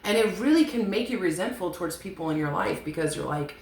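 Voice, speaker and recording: A woman's voice: fairly low pitch, animated, fast, creaky. A woman giving a casual, rambling tarot reading, frank and chatty, swearing now and then. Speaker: tarot reader. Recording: echoey room with faint hiss.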